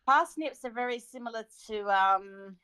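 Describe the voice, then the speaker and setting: A woman's voice: a little high, normal speed, pushed and bright, smooth, low-quality recording. A woman from England chatting over the phone with a streamer, talkative and hesitant, with lots of fillers. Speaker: friend on phone call. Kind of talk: casual chat.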